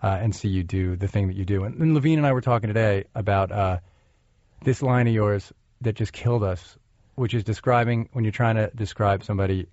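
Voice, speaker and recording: Chatty podcast host, dry dull sound. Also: male voice, lowish voice, darkish tone, no echo. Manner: chatty, teasing, halting with fillers. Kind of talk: casual interview chat.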